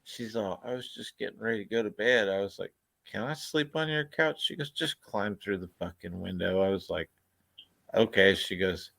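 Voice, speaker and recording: A man's voice: on the low side, expressive, moderate pace, gravelly, fairly bright tone, no room sound. A man telling a long story in casual chat, laid-back and profane, laughing as he goes.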